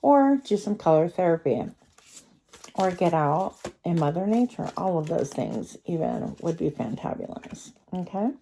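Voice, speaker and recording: A woman's voice: fairly low pitch, sing-song, a little slow, dark tone, a little hiss or hum. A woman giving a pick-a-card tarot reading, chatty and rambling, thinking aloud with many fillers and slightly slurred speech from a retainer.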